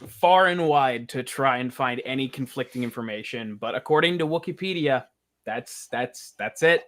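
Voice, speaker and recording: A man's voice: mid-range voice, normal speed, fairly bright tone. A man co-hosting a casual fan podcast who starts his sentences hesitantly and stumbles over words. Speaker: podcast co-host. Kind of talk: casual panel chat.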